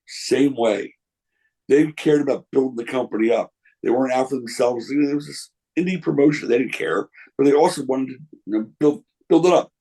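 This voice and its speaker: A gravelly, husky older man with a middling pitch tells stories from his past as a guest in an interview. He answers candidly, slipping into other people's voices when he quotes them. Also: fairly quick, dark tone, poor audio. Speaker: interview guest, wrestling promoter.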